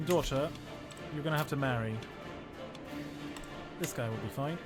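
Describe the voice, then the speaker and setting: A man's voice: mid-range voice, moderate pace, over music. A man streaming a strategy game, joking and chatting with his viewers in casual commentary.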